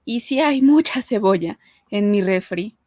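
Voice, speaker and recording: A woman's voice: mid-range voice, lively intonation, moderate pace, a little mellow, dry recording, rough recording. A young woman from Mexico with a Mexican accent, teaching a casual Spanish lesson and mixing Spanish with English in a chatty way. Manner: switches between Spanish and English, chatty with light laughs.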